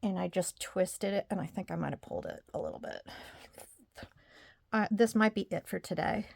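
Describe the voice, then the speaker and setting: A woman's voice: mid-range voice, moderate pace, vocal fry, a little mellow, slightly rough. A woman records a casual video diary at home and addresses her viewers directly. She rambles and pokes fun at herself, and she sounds tired. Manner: rambling, self-deprecating, chatty with viewers. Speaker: vlogger.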